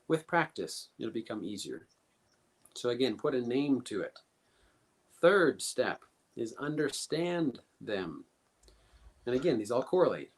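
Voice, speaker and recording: A man speaks in an earnest, coaching manner, working through his points with rhetorical questions. His pitch sits at an ordinary middle level for a man. The delivery is instructive, like a guest teaching a lesson. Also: lively intonation, moderate pace. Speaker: guest speaker teaching emotional coping steps. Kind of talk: instructive talk.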